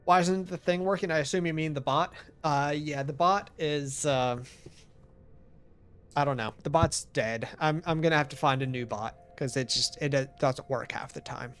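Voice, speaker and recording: A young American man talks casually while playing a game, answering his viewers. His voice sits a bit high. He rambles and laughs easily as he chats. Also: normal speed, a bit bright, clean tone. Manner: chatty and rambling, laughing often. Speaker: game streamer.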